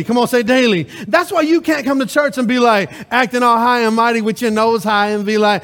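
A man preaching a lively sermon at a church service, calling out to the congregation with rhetorical questions. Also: very high voice, moderate pace, few pauses.

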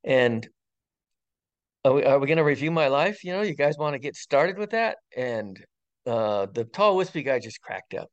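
A man in his sixties, an interview guest and retired fire captain, tells a personal story in an earnest, wondering way with frequent ums and pauses. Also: medium pitch, expressive, dull audio. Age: 60s.

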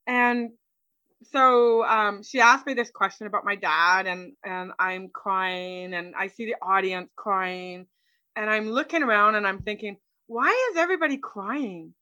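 A woman's voice: mid-range voice, steady tone, unhurried, pushed and bright, smooth, dry recording, poor audio. A woman guest in an interview, chatting casually through a personal story and acting out what people said to her. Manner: chatty, acts out quoted dialogue, many "like"s.

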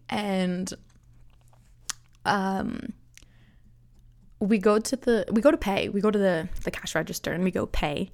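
A woman's voice: on the low side, fairly even intonation, unhurried, a little mellow. A young woman hosting her own podcast, chatting casually in a rambling way with lots of fillers and frequent laughs. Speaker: podcast host. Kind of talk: casual solo podcast chat.

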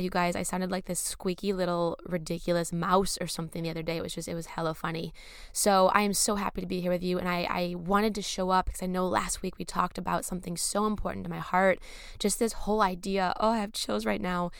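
A woman hosting a spiritual self-help podcast, earnest and chatty, her voice still hoarse from losing it. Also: on the low side, a bit bright, no room sound, clean studio sound. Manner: gushing, earnest, openly nervous, chatty. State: recovering from lost voice, hoarse. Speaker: podcast host.

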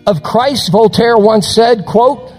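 A male pastor preaching a sermon, dramatic and slowing down for quotations. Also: high-pitched, darkish tone, in a large hall, soft background music, rough recording. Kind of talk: recorded sermon on radio.

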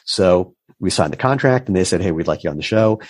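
A man in his fifties with a deep voice speaks a little fast on a dry recording. He's a business founder guesting on an interview, telling stories in a casual way and animatedly acting out the voices of people he quotes.

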